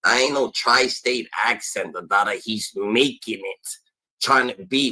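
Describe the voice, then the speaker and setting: A man's voice: mid-range voice, pushed and bright, slightly rough, poor audio. A man giving casual reaction commentary, rambling and filling gaps with repeated "da, da, da" and stammered starts.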